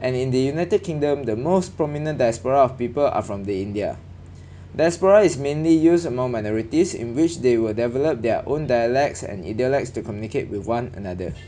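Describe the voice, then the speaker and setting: Young male student presenter, warm mid voice, explanatory scripted read over faint noise. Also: mid-range voice, animated, fairly quick. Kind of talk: read-aloud class presentation.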